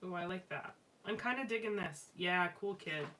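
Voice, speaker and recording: A woman's voice: on the low side, normal speed, pushed and bright. A woman chatting casually and rambling as she scrapbooks live on a stream, with many fillers and restarts. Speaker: live-stream craft host. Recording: slightly distant mic with faint background noise.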